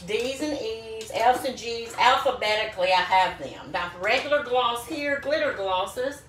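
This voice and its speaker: A woman's voice: fairly high pitch, expressive, a little slow, fairly bright tone, soft background music. A woman selling beauty products, talking casually and upbeat to her phone camera at home. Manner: chatty, upbeat, says "like" often. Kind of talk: casual vlog.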